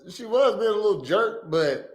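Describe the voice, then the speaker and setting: A man's voice: sits high, animated, moderate pace. Male reaction host, casual and blunt, slangy and rambling.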